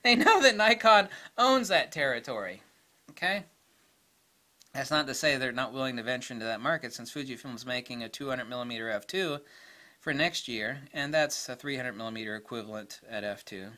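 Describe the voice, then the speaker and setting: A man's voice: medium pitch, animated, brisk, pushed and bright. Blunt, opinionated man ranting. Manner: blunt, opinionated, laughs at own jokes. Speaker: camera vlogger. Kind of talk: casual opinion rant.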